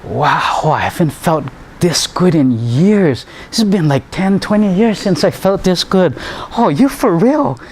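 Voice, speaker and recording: A man's voice: sits high, steady tone, fast talker, few pauses, a little hiss or hum, pitched above the performer's own voice, lightly acted. A man doing a jittery, awestruck strongman. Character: superstitious, nervous, strong grown man.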